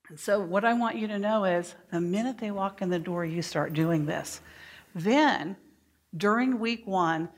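A woman's mid-range voice, a little slow, carries her workshop talk to a room of teachers. Her tone is emphatic, and she often turns to the audience with questions.

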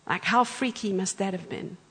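A woman preaching a sermon in a church, telling a story with lively acted-out quotes. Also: mid-range voice, normal speed, slightly rough. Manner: animated storyteller, acts out quotes. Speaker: guest preacher. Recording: church hall with long reverb.

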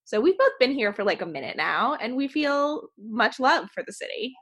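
A woman co-hosts a casual podcast. Her pitch rises and falls in a lively way as she tells stories, and she agrees readily with her partner. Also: moderate pace, husky. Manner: agreeable, animated storytelling. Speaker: podcast co-host.

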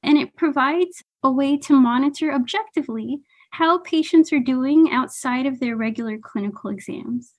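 A woman who founded a startup appears as a guest on a podcast, talking upbeat and enthusiastic about her company. Her voice is high, her pace moderate, and she rarely pauses.

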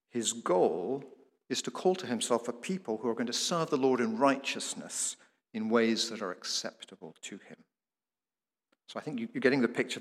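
A man's voice: fairly low pitch, big-room sound. A man preaching a sermon, explaining the passage and posing rhetorical questions with occasional restarts.

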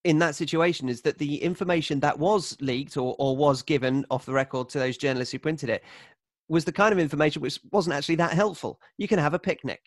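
A man co-hosting a podcast, chiming in quickly and eagerly during a conversation about football. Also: a little high, no echo, studio quality.

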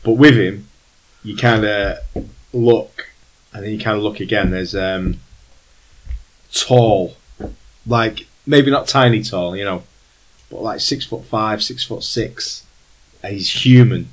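Lowish-voiced man narrating a game. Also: slow, pauses often, rough recording. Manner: rambling descriptive narration, many fillers. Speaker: game master.

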